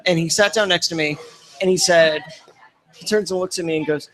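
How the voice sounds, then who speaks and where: A slightly higher-voiced man, guesting on a casual podcast. He tells his story with animated energy, slipping into the voices of the people in it and laughing along the way. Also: a little fast, poor audio. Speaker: podcast guest, supporters group founder.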